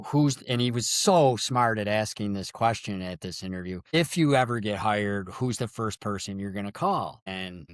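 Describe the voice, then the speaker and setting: A man's voice: lowish voice, expressive, moderate pace, hardly any pauses, dry recording, clean studio sound. A middle-aged man, a sports official, telling earnest and emotional stories in an interview. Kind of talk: storytelling interview.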